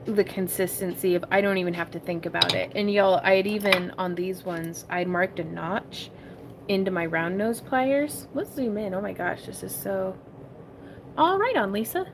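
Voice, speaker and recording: A woman's voice: medium pitch, moderate pace, noisy background. A woman hosting a casual crafting tutorial livestream from her home craft room. She chats with viewers, giggles often and calls them y'all.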